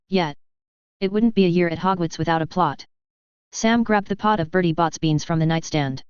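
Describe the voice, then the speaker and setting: Woman narrating a story, steady even read, very clear voice, dry dull recording. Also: lowish voice, no room sound. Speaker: audiobook narrator. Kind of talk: scripted narration.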